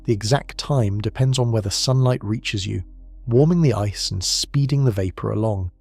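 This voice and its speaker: A man giving slow, measured, grave scripted documentary narration about science, in short deliberate phrases. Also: on the low side, vocal fry, darkish tone, slightly rough, faint music behind.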